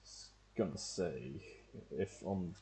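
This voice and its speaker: Deep gravelly man streaming a game. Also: slow, mellow, a little hiss or hum. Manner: muttering thoughts to himself while playing. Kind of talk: casual gameplay commentary.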